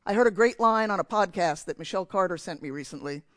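A man's voice: sits high, expressive, fast talker, fairly bright tone, no echo. A man from New Jersey giving a sermon in church, telling a candid, self-mocking story about himself. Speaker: preacher.

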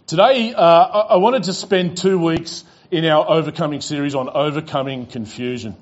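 A man's voice: a little high, normal speed, highs cut off. A man preaching a sermon as pastor, telling stories with casual fillers and repeated "he goes.".

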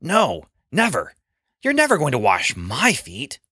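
A man's voice: mid-range voice, animated, measured pace, a bit bright, dry recording, studio quality. A man voicing an impulsive, earnest adult male disciple in a storybook reading, speaking in an emphatic, blurting way.

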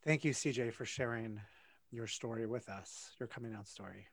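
A man's voice: mid-range voice, normal speed, vocal fry, no room sound, clean studio sound. A man hosting an interview, speaking conversationally with loose restarts. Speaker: interview host.

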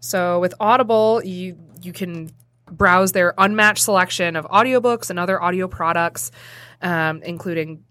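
A woman's voice: lowish voice, moderate pace, a bit bright. A woman hosting a casual podcast, reading an ad in a chatty, giggly, ad-libbed way. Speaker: podcast host. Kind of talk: casual podcast chat with ad read.

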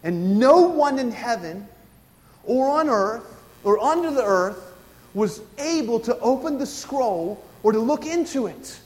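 High-voiced preacher in a reverberant hall. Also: male voice, animated, measured pace. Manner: expository preaching with frequent asides and questions to the congregation. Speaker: pastor. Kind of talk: sermon.

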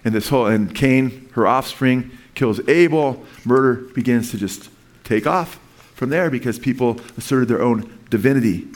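A man's voice: mid-range voice, moderate pace. A man preaching a sermon in an earnest, rambling way, with frequent restarts and asides to his listeners. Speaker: pastor.

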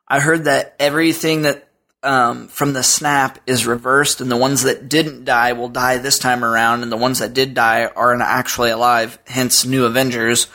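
A man's voice: medium pitch, flat delivery, moderate pace, pushed and bright. A man in his thirties, a podcast guest, talking in a loose, rambling way with lots of fillers. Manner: rambling, fillers, chuckles at his own stories. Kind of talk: casual chat.

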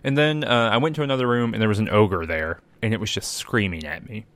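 A man co-hosting a casual podcast chat, telling a story in an animated way with joking asides. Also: fairly low pitch, fast talker, dry recording. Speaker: podcast co-host.

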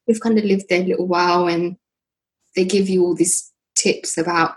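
A woman's voice: on the low side, moderate pace, low-quality recording. A woman from Britain, a guest chatting casually and telling stories with lots of fillers. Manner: chatty, lively storytelling with frequent fillers. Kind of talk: casual conversation.

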